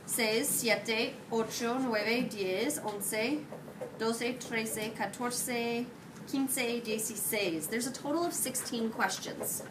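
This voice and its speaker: A woman teaching a high school Spanish class, questioning her students and mixing English with Spanish. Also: slow pace. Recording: distant mic, noisy classroom.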